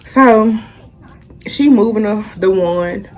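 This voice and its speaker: A woman's voice: mid-range voice, expressive, normal speed, pauses often, a bit bright. A young woman, telling a casual storytime and animatedly acting out the quotes. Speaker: vlogger.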